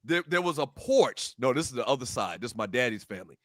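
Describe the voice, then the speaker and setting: A man, hosting a casual talk show and telling lively stories in which he acts out the sounds. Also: medium pitch, fast talker, no echo. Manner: animated storyteller, acts out sounds. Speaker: host.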